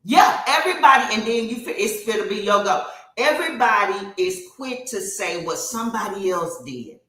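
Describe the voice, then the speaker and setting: A woman chats on a podcast, her voice bright and forward. She tells stories with animated energy and frequent fillers. The room around her is echoey. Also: medium pitch, normal speed. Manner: animated storytelling with many fillers. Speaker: podcast co-host. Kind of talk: casual podcast chat.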